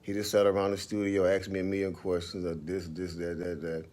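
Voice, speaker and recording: A man hosting a casual livestream, telling stories in an animated, profane way and laughing often, speaking into a phone. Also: low voice, brisk.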